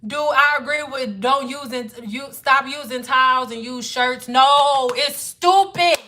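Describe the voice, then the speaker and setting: Her voice is high and sharp, with fairly even intonation and an unhurried pace. This hair care educator addresses her livestream viewers bluntly and with exasperation, cursing freely throughout a casual lesson-turned-rant.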